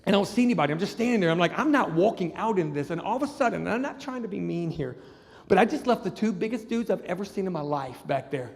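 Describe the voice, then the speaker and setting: A man with a high voice tells a comic story on stage, acting out everyone in it with lively energy. His voice rings through a large hall with a long reverb, and it sounds like a live show. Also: quick pace, gravelly. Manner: animated, acts out voices of people in the story. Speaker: comedian and juggler. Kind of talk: stand-up storytelling.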